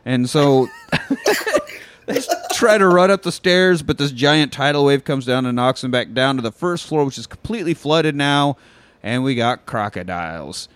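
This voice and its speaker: A man retelling a movie plot in loose, foul-mouthed podcast chat, slipping into quick impressions of the characters. His voice sits in a middle register and sounds close and dry, with no room around it. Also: medium pitch, sing-song, a bit bright, dry recording. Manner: profane, jokey, acts out movie lines. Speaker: podcast host. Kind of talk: casual film recap chat.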